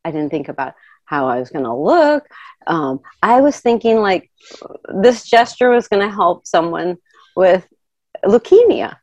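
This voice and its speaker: A middle-aged woman telling a personal story in a lively way, laughing often and acting out the voices of the people in it. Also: mid-range voice, unhurried, no echo, lo-fi sound. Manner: animated, laughs often, acts out quoted voices.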